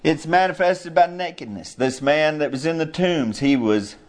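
A fairly high-voiced man delivers a fervent sermon. He drops low for emphasis, then rises into loud, pleading cries. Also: expressive, normal speed. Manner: impassioned, rises to high cries when quoting. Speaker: pastor.

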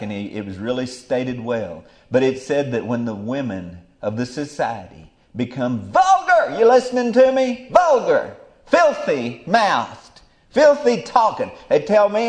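This is a middle-aged man preaching a fiery sermon from the Bible. He alternates between low murmuring and bursts of loud exclamation.

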